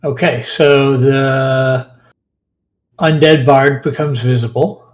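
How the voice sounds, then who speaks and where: A man's voice: medium pitch, fairly even intonation, slow pace. A man running a tabletop game as game master, talking in a casual, matter-of-fact way.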